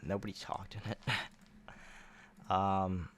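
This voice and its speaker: A man's voice: low-pitched, little pitch movement, slow. A man co-hosting a podcast in casual chat, playful, at times reading dramatic promo lines aloud. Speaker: podcast co-host.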